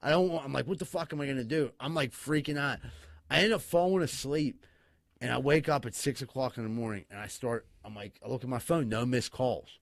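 A man's voice: medium pitch, brisk, gravelly. A man spinning a rowdy story on a casual podcast, swearing freely and getting worked up as he goes. He laughs his way through it. The sound is dry and close, with no room echo. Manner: profane, excitable, laughing storyteller. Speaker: podcast co-host.

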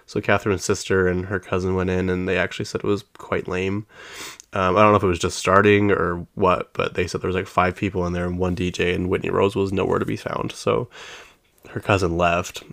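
A man with a very low voice hosts a solo podcast from his home podcast room. He tells stories in an easygoing, wandering way, full of fillers and asides, and laughs often as he goes. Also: little pitch movement, fairly quick, creaky, a bit bright. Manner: rambling, drifts off topic with many fillers; chatty storyteller who laughs often. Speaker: podcast host. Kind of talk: casual solo podcast chat.

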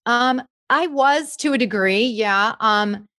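A young woman, a comedian, chatting in an interview, lively and laughing often. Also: on the high side, slow, dry recording, clean studio sound. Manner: chatty, animated, laughs often, slips into impressions. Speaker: comedian guest. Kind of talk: casual interview chat.

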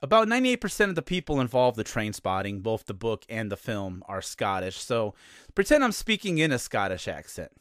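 A man's voice: fairly low pitch, big pitch swings, a little fast, fairly bright tone, dry recording, studio quality. An American man hosting a podcast, telling the story in a casual monologue full of sarcastic asides. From United States. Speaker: podcast host.

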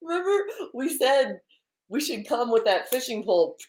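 A woman's voice: fairly high pitch, big pitch swings, normal speed, a little mellow. A woman co-hosting a morning live stream in a bubbly, chatty way, laughing often, talking into a laptop microphone. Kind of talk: casual live-stream chat.

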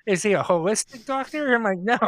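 A man's voice: high voice, dry recording. A man co-hosting a casual comedy podcast, telling rambling stories with lots of laughing and restarts. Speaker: podcast co-host.

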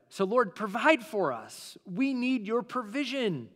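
A man's voice: extremely high pitch, very animated, a little slow, hardly any pauses, a bit bright, long reverb tail. A man preaching a sermon as lead pastor, in a casual, conversational way with plenty of fillers.

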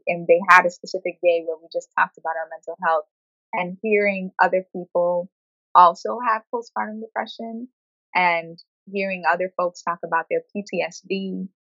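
A woman speaking frankly in a conversational interview, telling her story with animated quoted asides. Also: lowish voice, no room sound, lo-fi sound. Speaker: guest sharing her experience.

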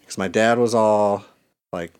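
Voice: mid-range voice, steady tone, a little slow, a little mellow, clear, resonant tone. A podcast co-host trading dry, joking quips in casual chat.

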